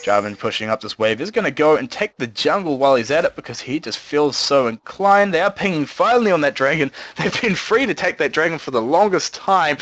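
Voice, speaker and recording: Young male esports caster, higher voice, jokey and rambling, dull lo-fi mic. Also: no echo. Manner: jokey, rambling, pitch leaps up when excited. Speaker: game commentator. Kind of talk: solo esports play-by-play commentary.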